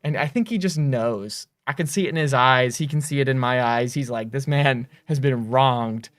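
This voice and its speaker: A man hosting a game studio's livestream, telling stories in a rambling, animated way on a close mic. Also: medium pitch, a little fast, no room sound. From United States. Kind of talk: casual livestream chat.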